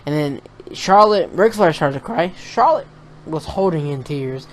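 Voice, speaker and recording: A man's voice: on the high side, expressive, unhurried. A man talking casually in a reaction vlog, reviewing a wrestling show in a profane, rambling, opinionated rant.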